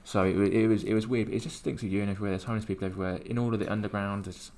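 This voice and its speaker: Casual male co-host, quick talker with a low-leaning voice, rambles through stories. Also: slight background noise. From England. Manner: animated, rambling anecdotes with many restarts. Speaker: podcast co-host. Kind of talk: casual storytelling chat.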